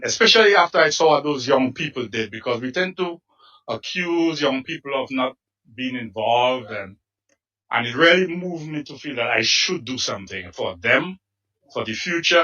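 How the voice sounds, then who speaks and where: A man's voice: medium pitch, bright, forceful tone. A man speaking as a supporter at a protest, earnest after a hesitant start. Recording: dull, distant mic.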